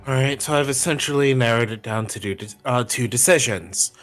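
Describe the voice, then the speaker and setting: A man playing in a tabletop game, laying out his options in a brisk, matter-of-fact way. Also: mid-range voice, a bit bright, soft background music. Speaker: player. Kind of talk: casual planning talk at a game table.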